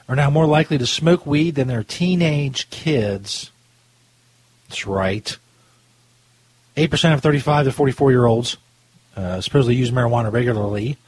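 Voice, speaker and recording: A man's voice: mid-range voice, slightly rough, no echo. A man hosting a casual live podcast, rambling and profane, often restarting his sentences. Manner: loose, rambling, profane, self-interrupting. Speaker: podcast host. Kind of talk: casual talk show banter.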